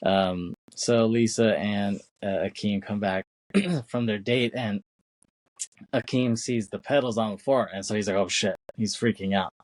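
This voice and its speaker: A man's voice: lowish voice, fairly even intonation, a little slow, darkish tone, no room sound. A man co-hosting a podcast, retelling a film's scenes in a rambling casual way, with many fillers and acted-out quotes. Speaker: podcast co-host. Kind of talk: casual film recap chat.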